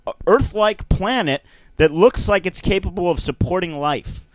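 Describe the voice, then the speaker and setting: Brief: animated, high male co-host, wry and teasing. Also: normal speed, dry recording, faint music behind. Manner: wry, teasing, steering topics. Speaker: podcast co-host. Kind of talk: casual podcast banter.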